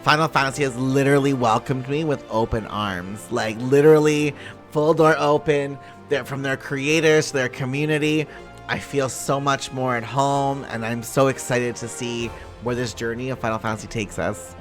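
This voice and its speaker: A man's voice: medium pitch, moderate pace, faint music behind. A man streaming a game live, chatting casually with viewers, greeting them and swearing freely.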